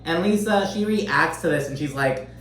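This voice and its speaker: A man's voice: fairly high pitch, moderate pace, a bit bright, faint music behind. A man casually recapping a reality TV episode, chatty and swearing freely, often asking "you know what I mean?". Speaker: TV recap host. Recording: roomy, distant mic, faint hum.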